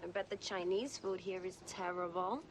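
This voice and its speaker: A woman's voice: lowish voice, normal speed, background noise, lightly acted. An actress playing a sarcastic woman who teases her companion, in a clip played on a podcast.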